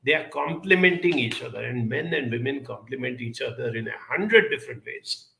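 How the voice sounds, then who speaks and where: Male speaker, gravelly, measured emphatic delivery, roomy echo. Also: medium pitch, lively intonation, bright, forceful tone, slight background noise. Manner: measured, emphatic, frequent uh fillers. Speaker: speaker answering audience questions. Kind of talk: live talk on emotional intelligence.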